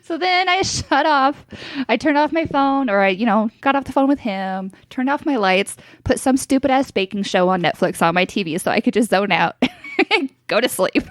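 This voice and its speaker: A woman's voice: fairly high pitch, animated, moderate pace, no echo. A woman in her thirties co-hosting a podcast, telling a story in casual chat, candid and swearing freely with frequent laughs. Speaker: podcast co-host.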